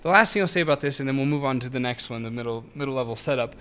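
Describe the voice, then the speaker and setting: A man's voice: mid-range voice, racing, fairly bright tone, slight background noise. A man co-hosting a retro game podcast, chatting casually with frequent laughs and restarts. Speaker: podcast co-host. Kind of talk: casual chat reviewing a game.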